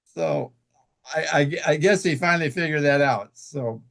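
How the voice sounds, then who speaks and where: A man recounts a personal story as an interview guest, in a somewhat high voice with a gravelly edge. He talks in a halting way, stopping often on fillers and starting sentences over. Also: a bit bright. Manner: halting, with many fillers and restarts. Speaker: guest author.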